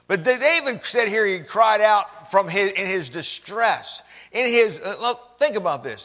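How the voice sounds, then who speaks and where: High, bright-voiced preaching pastor, echoey church. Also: male voice, expressive, unhurried, hardly any pauses. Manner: emphatic preaching, swelling and dropping in volume. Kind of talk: sermon.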